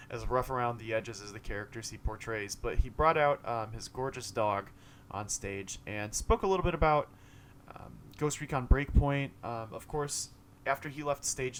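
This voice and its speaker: A man's voice: mid-range voice, a bit bright, a little hiss or hum. A young man casually recapping a game showcase, rambling, with many fillers and self-corrections. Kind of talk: casual commentary monologue.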